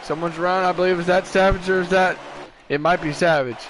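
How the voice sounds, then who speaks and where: A man's voice: high-pitched, fairly even intonation, a little fast, noisy background. A tired man doing casual play-by-play commentary for an online racing stream, rambling and correcting himself as he goes. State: tired, yawning. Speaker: race commentator.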